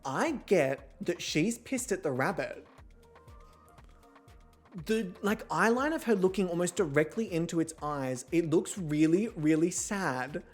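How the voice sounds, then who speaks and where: A man's voice: a little high, animated, measured pace, soft background music. A young man hosting a model-show game, chatting casually in a campy, self-mocking way and swearing often. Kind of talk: casual gameplay commentary.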